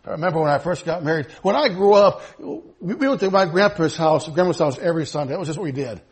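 A pastor preaching a sermon to his church, moving from low, quiet passages to loud, high, laughing emphasis. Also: animated, quick pace, breathy edge.

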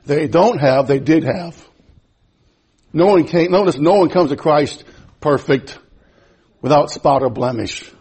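A man preaching a sermon in a church, impassioned and repetitive, swinging from loud to hushed. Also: a little high, breathy edge. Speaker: pastor.

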